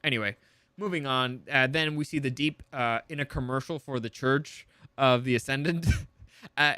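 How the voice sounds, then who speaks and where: A man's voice: medium pitch, normal speed, bright, forceful tone, no echo. A man casually recapping a TV episode, rambling and profane, full of fillers and restarts. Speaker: TV show reviewer.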